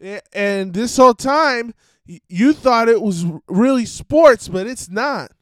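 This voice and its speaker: A man's voice: very high voice, lively intonation, measured pace, no room sound. A man hosting his own podcast, rambling through a profane, self-interrupting rant and mimicking other people's voices. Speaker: podcast host. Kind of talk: casual ranting monologue.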